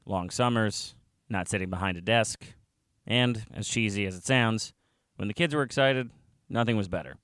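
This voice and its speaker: Guy reading a story first person, lowish smooth voice, wry asides, dry close sound. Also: normal speed, fairly bright tone, dry recording. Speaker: narrator.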